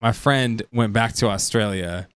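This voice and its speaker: A man's voice: fairly low pitch, a little slow, background noise. A man co-hosting a podcast, chatting casually and telling a rambling story. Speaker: podcast co-host. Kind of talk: casual chat.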